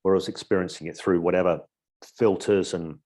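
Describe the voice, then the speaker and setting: A man, a hypnosis coach, talking in a relaxed, reflective way in a podcast interview and explaining his methods with examples. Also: low-pitched, brisk. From Edinburgh, Scotland. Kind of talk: casual interview conversation.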